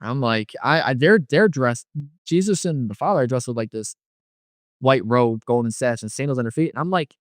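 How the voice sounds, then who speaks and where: A man's voice: mid-range voice, expressive, a little fast, no echo, clean studio sound. A man telling his near-death experience in casual testimony, rambling with many "like" fillers and quoting what was said to him.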